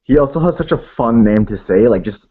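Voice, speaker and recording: A man's voice: mid-range voice, lively intonation, fast. A man co-hosting a casual podcast chat, rambling and dropping "yo" and "like" often. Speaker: podcast co-host. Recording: tinny phone-like line.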